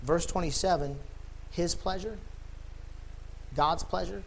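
A tired man preaches with fervor, his high voice climbing to loud peaks before sinking into hushed lines. He reads scripture aloud between the emphatic parts of his sermon. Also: takes it slowly, gravelly, a little hiss or hum. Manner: fervent preaching, swinging from loud emphatic peaks to low quiet stretches; sweaty and laughing at himself between scripture readings. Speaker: pastor.

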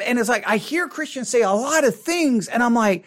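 A man leading a conversational Bible study, halting and restarting, asking rhetorical questions. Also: extremely high pitch, expressive.

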